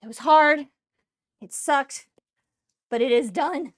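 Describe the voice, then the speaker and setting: Chatty high-voiced woman cooking at home. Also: slow. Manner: chatty, self-mocking, talks while cooking. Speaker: cooking show host. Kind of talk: casual cooking chat. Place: home kitchen.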